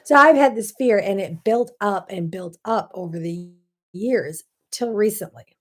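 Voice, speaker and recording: A woman hosting her own casual morning talk show, telling stories with lively energy and sudden bursts of loud emphasis. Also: fairly low pitch, measured pace. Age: 30s or older. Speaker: host.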